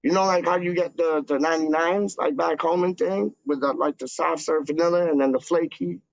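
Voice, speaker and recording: Fairly quick and creaky, with a voice on the high side and fairly even intonation, a fan channel host rambles to camera in slang loaded with "like" and "dog." There's no echo; the sound is dull, dry lo-fi.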